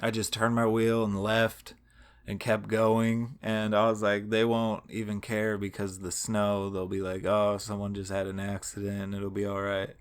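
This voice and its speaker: A man's voice: lowish voice, completely flat delivery, a little slow, clean tone. A man telling a long story in a casual, rambling and profane way, laughing now and then.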